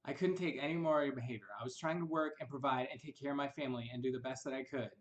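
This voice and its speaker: A man's voice: medium pitch, steady tone, racing. Bitter, rambling young man telling his story. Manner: bitter, rambling, quotes others in mocking voices. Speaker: vlogger recounting family history. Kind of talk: casual personal storytelling.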